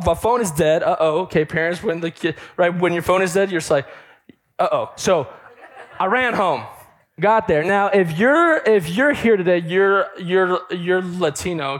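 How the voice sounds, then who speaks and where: A young man preaching, telling a lively story to the audience and acting out the other people's voices. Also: high voice, moderate pace. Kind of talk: sermon.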